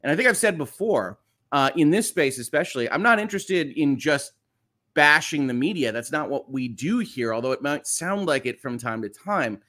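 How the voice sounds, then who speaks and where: A man's voice: fairly high pitch, animated, normal speed, sharp tone. Upbeat chatty man hosting. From United States. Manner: upbeat, chatty, frequent "uh" fillers. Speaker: host. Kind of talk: casual morning live stream.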